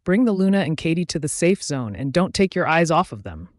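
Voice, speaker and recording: A man voicing a young male werewolf alpha who speaks calmly and reassuringly, protective and loving. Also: a little high, moderate pace, dry recording, studio quality. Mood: commanding.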